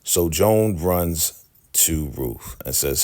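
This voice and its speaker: Very deep-voiced man recapping a show. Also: lively intonation, vocal fry, darkish tone. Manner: retells scenes in quick paraphrased quotes. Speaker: recap host. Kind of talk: casual episode recap.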